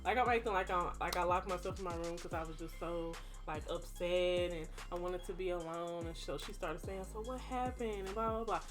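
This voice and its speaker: A woman's voice: lowish voice, fairly quick, few pauses, faint music behind. A young woman, telling a personal story to her viewers in a chatty, dramatic way. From Texas. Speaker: vlogger. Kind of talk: casual storytime.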